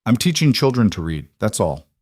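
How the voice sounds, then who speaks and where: A principled young schoolteacher stands her ground, voiced by a male narrator, firm and earnest. The voice is lifted somewhat above his own low register, and the recording is close and dry. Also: very animated, a little fast, a little mellow, dry recording. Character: brave young female schoolteacher, steady and principled.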